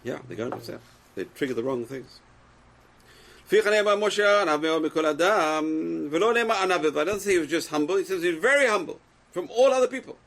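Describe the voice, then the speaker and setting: A man's voice: sits high, expressive, racing, a bit bright. A man teaching a Torah class who reads Hebrew texts aloud, translates them, and asks the class rhetorical questions.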